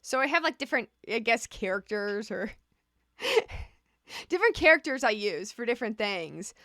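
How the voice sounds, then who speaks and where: A woman's voice: on the high side, very animated, normal speed, pushed and bright, no echo, clean studio sound. A woman vlogging casually, explaining things chattily and often repeating a rhetorical "right?".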